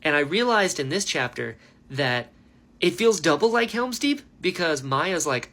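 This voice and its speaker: A man giving a casual, animated book reaction, ranting with lots of fillers. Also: on the high side, unhurried. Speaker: book reviewer.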